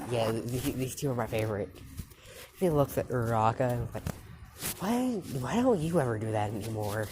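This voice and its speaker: Deep-voiced woman rambling through a made-up fan story, lots of stops and restarts, noisy clicky recording. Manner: halting, loose retelling with acted quotes.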